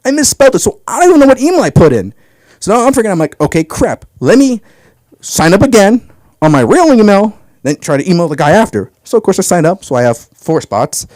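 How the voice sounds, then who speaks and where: A young man doing open mic stand-up, telling a story and jumping into high voices when he quotes himself. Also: quick pace, dry recording, low-quality recording. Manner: animated, jumps into high voices for his own quotes. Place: comedy club stage.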